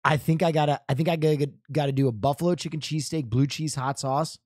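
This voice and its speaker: A man's voice: a little high, steady tone, fast, darkish tone, dry recording, studio quality. A young man from New Jersey reacting to a show in casual chat, loose and profane, laughing and rambling.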